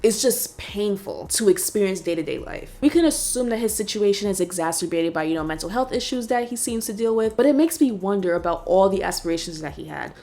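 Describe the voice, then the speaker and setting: A young woman from New York City talks through a film review in a relaxed, chatty way, full of fillers like "like" and "you know." Her mid-range voice often drops into a gravelly fry at the ends of phrases. She sounds reflective, as if thinking aloud to her viewers. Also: mid-range voice, a little fast, hardly any pauses. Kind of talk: casual spoken review.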